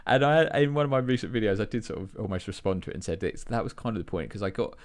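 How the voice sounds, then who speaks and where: An English man with a deep, low voice co-hosts a relaxed podcast chat. He talks in a laid-back, self-deprecating way, often pausing on um and uh. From England. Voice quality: relaxed, self-deprecating, hesitant with many fillers. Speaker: podcast co-host. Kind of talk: casual chat.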